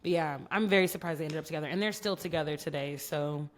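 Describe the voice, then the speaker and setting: Young woman, lowish voice, frank, chatty podcast co-host. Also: fast. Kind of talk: casual chat.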